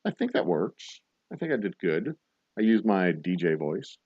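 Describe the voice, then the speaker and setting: A man hosting a livestreamed bar trivia night, reading questions slowly and joking casually with some swearing. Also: low-pitched, very animated, darkish tone, breathy edge, no room sound, muffled recording. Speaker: trivia host.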